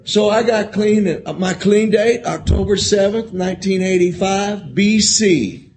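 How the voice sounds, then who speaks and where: A man's voice: sits high, steady tone, normal speed, low-quality recording. Profane rambling man sharing his recovery story. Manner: rambling, repeats words, swears often, says "man". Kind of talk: candid recovery share, profane and emotional. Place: convention hall. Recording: live talk with loud room noise.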